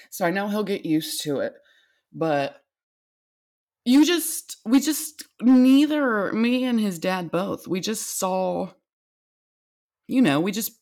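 A woman's voice: mid-range voice, a little mellow. A young American woman talking on her vlog in a tired, rambling way, swearing freely. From United States. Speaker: vlogger. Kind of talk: candid confessional vlog.

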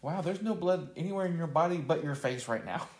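A man's voice: fairly high pitch, a little fast, darkish tone. A man co-hosting a podcast, joking around and telling stories with frequent laughs. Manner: jokey storyteller, laughs often. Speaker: podcast co-host. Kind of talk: casual podcast banter. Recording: echoey room.

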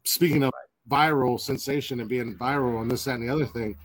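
A man's voice: medium pitch, steady tone, brisk, rough recording. A man co-hosting a podcast, telling a story in a rambling, casual way and acting out the lines of the people in it. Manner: rambling, many fillers and restarts, acts out quoted dialogue. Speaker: podcast co-host.

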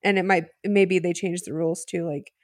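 A woman's voice: fairly low pitch, steady tone, a little mellow, no echo, clean studio sound. A woman co-hosting a podcast, chatting casually and adding her own take on the episode. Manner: chatty, quick to agree and add her take. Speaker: podcast co-host. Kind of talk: casual chat recapping a reality show.

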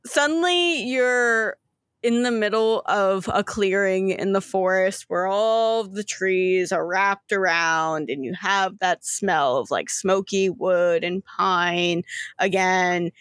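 A woman running a tabletop game as game master, setting scenes in an unhurried, playful way. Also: medium pitch, fairly bright tone, no echo, studio quality.

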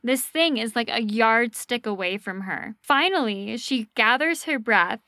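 A woman host casually telling a ghost story on a podcast, animated and swearing freely. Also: fairly high pitch, unhurried, no echo, clean studio sound.

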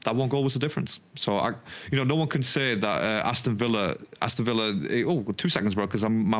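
A man's voice: fairly low pitch, quick pace, few pauses. A man co-hosting a casual sports podcast, talking hesitantly with many restarts. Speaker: co-host. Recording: muffled lo-fi audio.

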